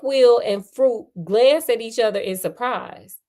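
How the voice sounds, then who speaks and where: A woman's voice: fairly high pitch, unhurried, dark tone. A woman hosting a livestream read-aloud, narrating a story and breaking off for joking, chatty asides. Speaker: storyteller host.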